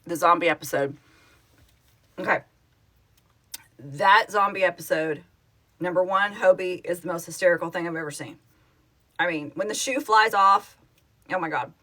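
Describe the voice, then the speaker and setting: A woman who founded a fan project, hosting a casual live stream, answering viewers' comments in an excitable, gushing way and laughing often. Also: fairly low pitch, moderate pace, pauses often.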